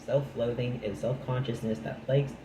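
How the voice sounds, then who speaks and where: A man's voice: mid-range voice, steady tone, moderate pace. A man reading a nonfiction book aloud, breaking off into chatty, dry asides of his own. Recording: echoey room with noise.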